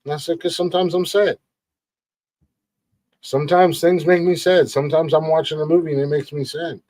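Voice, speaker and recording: A man's voice: on the high side, fairly even intonation, a little fast, darkish tone. A middle-aged man hosting a podcast in casual talk, earnest and emphatic, swearing freely and often stumbling over repeated words. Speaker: podcast host.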